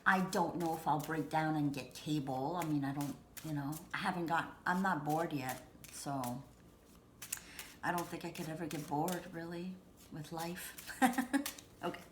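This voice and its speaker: A woman with a low-pitched voice gives a casual tarot reading from home, unhurried, chatty and reassuring, rambling with plenty of fillers and restarts. The sound is roomy with a little hiss or hum.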